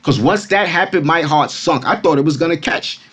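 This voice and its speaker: A man's voice: fairly high pitch, moderate pace, breathy edge. A man from Brooklyn, hosting a casual crypto vlog and talking animatedly to his followers. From Brooklyn, New York. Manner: animated, repetitive, keeps addressing fans as Kumas. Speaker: crypto channel host.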